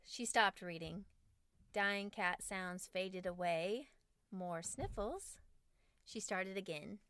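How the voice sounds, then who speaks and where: A woman's voice: medium pitch, slow pace, a bit bright, clean tone. A woman in her forties, a podcast host, reading her own parenting book aloud with wry, self-mocking humor.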